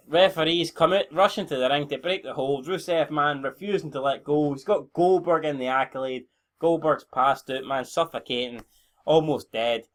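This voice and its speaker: A man's voice: a little high, fairly bright tone. A Scottish man in his twenties giving casual, rambling, sweary commentary on a wrestling booking game, often breaking off mid-sentence to correct himself. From Scotland. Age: 20s. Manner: rambling, sweary, self-interrupting. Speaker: YouTube gamer.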